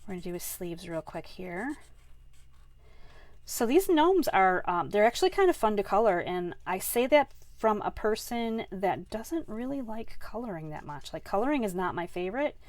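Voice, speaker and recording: A woman's voice: mid-range voice, sing-song, normal speed, darkish tone, no room sound. A woman chatting her way through a card-making tutorial, rambling with lots of fillers and restarts. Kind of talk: casual craft tutorial.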